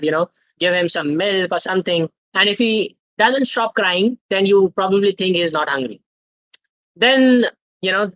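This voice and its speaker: A man's voice: high-pitched, a bit bright, no echo. Young man teaching live online, muffled. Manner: interactive, quizzes the chat, tags sentences with "okay?". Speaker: guest speaker at a student tech workshop.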